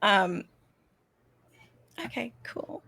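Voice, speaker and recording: A woman's voice: medium pitch, drawn-out words, vocal fry, pushed and bright. A young adult woman running a tabletop game as game master, giggly and a bit scattered.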